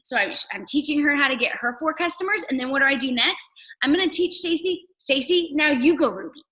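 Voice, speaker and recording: Lady hyping up her sales team on a video call, high bright voice, rapid-fire questions. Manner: energetic, rallying, rapid-fire rhetorical questions. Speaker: network marketing leader.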